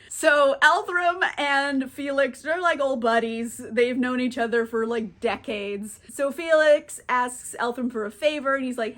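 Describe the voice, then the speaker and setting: A woman's voice: fairly high pitch, moderate pace, hardly any pauses, fairly bright tone. A young woman casually recapping a book, chatty and profane, with "like" in almost every sentence. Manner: chatty, fills with "like", swears freely. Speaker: book reviewer.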